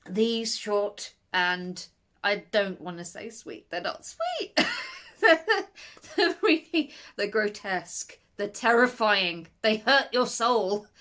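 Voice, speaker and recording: A woman talks through her reading in a casual video review, her voice sitting in a mid range. She rambles, breaks into nervous laughter and jumps to shrill, high exclamations of disgust. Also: fairly bright tone. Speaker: book reviewer.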